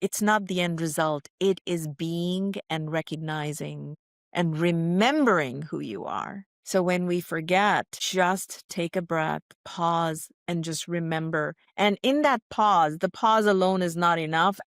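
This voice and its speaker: Calm, low-voiced woman guest speaker. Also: no room sound, clean studio sound. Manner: calm, emphatic, teacherly, with slow stressed phrases. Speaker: podcast guest, leadership speaker. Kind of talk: reflective interview answers.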